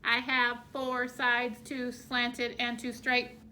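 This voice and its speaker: A woman voicing a trapezoid shape as a stiff robot, chanting in a flat, evenly chopped rhythm for a children's lesson. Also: a little high, takes it slowly, a little hiss or hum, rough recording. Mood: robotic chant.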